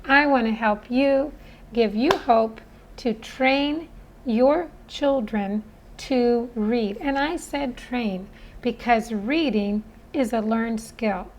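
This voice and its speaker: Slow, earnest woman phonics teacher. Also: on the high side, a little hiss or hum, low-quality recording. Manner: earnest, persuasive. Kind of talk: spoken lesson.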